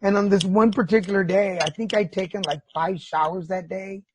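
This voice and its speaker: A man's voice: sits high, steady tone, brisk, a little mellow, a little hiss or hum. A middle-aged man hosting a podcast in a casual chat, telling candid stories with feeling and swearing freely. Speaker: podcast host.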